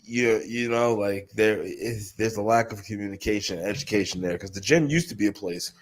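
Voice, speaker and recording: Lower-voiced man, relaxed and swearing. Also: moderate pace. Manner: relaxed, drifting, swears a lot. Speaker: podcast co-host. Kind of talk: casual chat.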